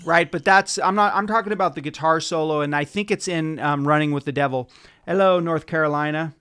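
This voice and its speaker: A man's voice: a little high, a little fast, bright, forceful tone, smooth. A man giving a casual, rambling guitar lesson on a home livestream, chatting with viewers by name. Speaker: guitar teacher. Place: home room, dim lighting. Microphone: livestream setup. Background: guitar playing.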